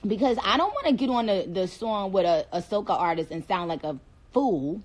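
A woman's voice: mid-range voice, animated, a little fast. A woman hosting a casual phone livestream, reading out viewer comments in a playful, chatty way and dropping in Spanish phrases.

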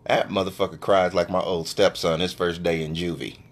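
A man hosting a live stream, ranting brashly and profanely in casual trash talk, with his voice often jumping high when he gets worked up. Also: little pitch movement, fairly quick. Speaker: live-stream sports show host. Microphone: phone.

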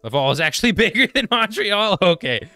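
A man's voice: sits high, big pitch swings, a little fast, sharp tone, faint music behind. A man streaming a game, casually reading viewer comments aloud and chatting back. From United States. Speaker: gaming streamer reading chat. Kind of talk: casual live-stream chat while gaming.

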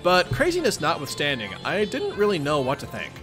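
A man's voice: on the high side, huge pitch swings, fairly quick, over music. A man reading as a sarcastic teen boy hero.

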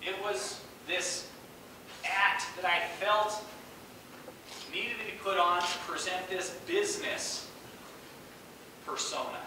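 A middle-aged man giving a lively storytelling talk as a guest speaker, acting out the voices of people he quotes. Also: high-pitched, slow, pauses often. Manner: animated, acts out quoted voices. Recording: echoey hall, distant mic, noisy.

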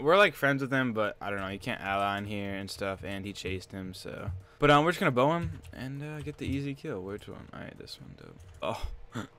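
A young man commentating his own game, excitable and swearing, with bursts of loud disbelief, on a headset mic at his computer. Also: mid-range voice. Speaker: gaming channel host. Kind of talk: Let's Play commentary.

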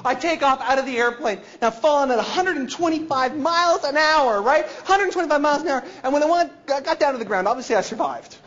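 High-voiced energetic man telling stories. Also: quick pace, hardly any pauses. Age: 30s. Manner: energetic, animated, repeats words on restarts. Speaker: motivational keynote speaker. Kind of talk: comedic storytelling talk. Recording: dull lo-fi recording.

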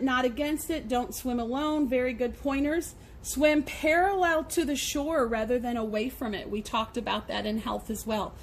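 A woman teacher reading a novel aloud to her class in expressive storytelling, recorded at home for a lesson. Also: high-pitched, a little hiss or hum, poor audio.

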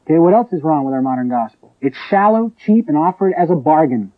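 Emphatic high-pitched male preacher. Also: animated, brisk. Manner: emphatic, preaching with sharp rises and drops. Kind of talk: sermon. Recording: tinny phone-like lo-fi recording.

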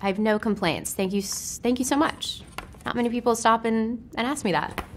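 A woman's voice: a little high, brisk, a little hiss or hum. A young woman from Tennessee with a neutral American accent, answering questions about herself in a chatty, self-deprecating way with frequent laughter. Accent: neutral American, faint Southern. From Memphis, Tennessee, US. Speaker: actress answering web search questions. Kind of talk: casual chat.

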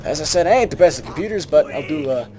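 A man's voice: on the high side, expressive, fast, warm tone. A young man giving a rambling, joking let's play commentary from home at night. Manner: rambling, joking, self-mocking. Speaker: gamer. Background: game music.

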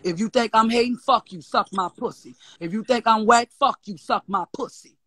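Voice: mid-range voice, moderate pace, bright, forceful tone, breathy edge, no room sound. A guest with a New Orleans accent ranting on a live stream, profane, defiant and mocking, repeating insults. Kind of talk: heated live-stream rant.

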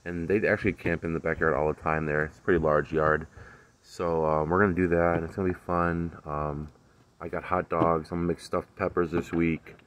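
Laid-back deep-voiced man in a garden. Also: little pitch movement, brisk, fairly bright tone, slight background noise. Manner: laid-back, slangy, lots of fillers. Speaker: vlogger. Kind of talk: casual chat. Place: backyard garden, outdoors.

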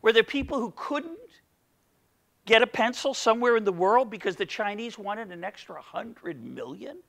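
A man's voice: sits high, lively intonation, normal speed, gravelly, a bit bright. A middle-aged man giving an economics seminar lecture, playful and full of questions for the audience. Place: lecture room.

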